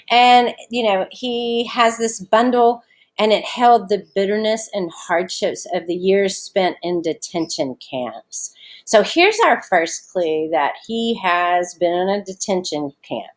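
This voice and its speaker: A woman's voice: lowish voice, lively intonation, measured pace. Southern US woman teaching a lesson. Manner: conversational, explaining step by step, asks students questions. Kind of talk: recorded remote lesson on a short story.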